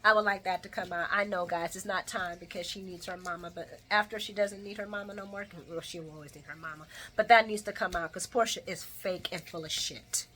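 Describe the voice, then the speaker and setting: A woman's voice: lowish voice, brisk, few pauses. A woman giving a chatty daily soap opera recap, talking straight to her viewers and talking back at the characters. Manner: expressive, talks back at characters, laughs often; chatty, addresses viewers directly. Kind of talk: casual daily recap commentary.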